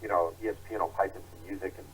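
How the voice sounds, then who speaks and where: A man's voice: low-pitched, fairly even intonation, very fast, breathy edge, rough recording. A middle-aged man, an author guest in an interview, telling stories animatedly and acting out quotes. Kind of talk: interview storytelling.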